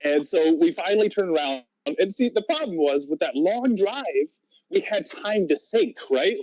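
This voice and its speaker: A pro wrestler appearing as a podcast guest tells a long, rambling story, laughing often and restarting sentences. His voice sits high, expressive and a little mellow, at normal speed with no echo, though the audio is slightly muffled.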